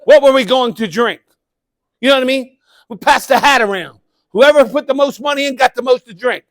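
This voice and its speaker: Keynote speaker, middle-aged man, high voice, dry close sound, calls out and shouts to the room. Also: a little fast, no room sound. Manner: animated, calls out to the crowd, bursts into shouting. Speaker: motivational speaker. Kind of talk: live keynote speech to an audience. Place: conference event room.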